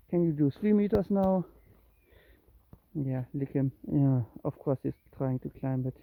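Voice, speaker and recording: A cat owner filming a kitten walk on a handheld phone outdoors at dusk, coaxing the kitten with calls and high meows. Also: gravelly. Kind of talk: casual narration while walking. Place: outdoors in woods and grass at dusk. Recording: tinny phone-like sound.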